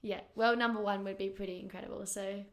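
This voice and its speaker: A woman's voice: mid-range voice, steady tone, fast talker, creaky. A young woman, a pro surfer as guest, chatting casually, giggly and loose with lots of fillers. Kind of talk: casual chat.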